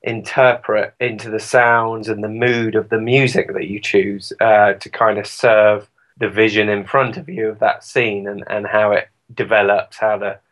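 A British man talks as an interview guest, rambling and self-deprecating, full of fillers. His voice sits a little low. He keeps it casual and easygoing. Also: steady tone, measured pace, a bit bright, poor audio. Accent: British English. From Britain. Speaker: guest musician.

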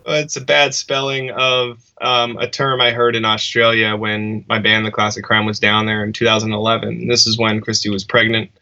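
A man's voice: fairly low pitch, completely flat delivery, moderate pace, hardly any pauses, pushed and bright. A man and musician in a casual interview, talking thoughtfully and often restarting, in dull, muffled audio.

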